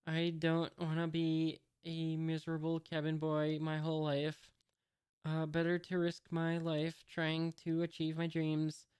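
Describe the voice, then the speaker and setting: A reader voicing a timid young cabin boy, reading in a hesitant, flat way. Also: medium pitch, a little slow, clear, resonant tone, close to an everyday voice. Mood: earnest.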